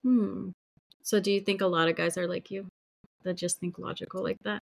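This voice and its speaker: A woman's voice: mid-range voice, fairly even intonation, normal speed, vocal fry, no echo, studio quality. A woman hosting a podcast in casual conversation, agreeing and laughing often. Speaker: podcast host. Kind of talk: casual chat.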